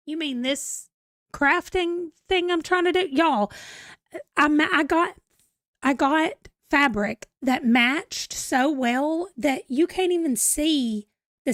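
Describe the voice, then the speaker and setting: A woman's voice: high-pitched, dry recording. A woman in her forties hosting a casual livestream, chatty and rambling as she reads viewer comments aloud. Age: 40s. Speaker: book channel host.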